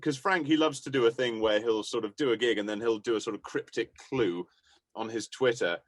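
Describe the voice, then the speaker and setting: Chatty man telling warm stories. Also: mid-range voice, a little fast, dry recording. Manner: warm, rambling anecdotes with laughter and swearing. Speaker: musician guest. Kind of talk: casual interview storytelling.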